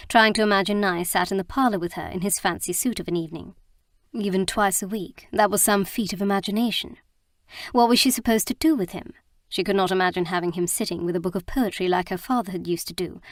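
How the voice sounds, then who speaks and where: With clean studio sound and no room echo, a woman at medium pitch reads a romance audiobook. Her scripted storytelling stays even and measured throughout.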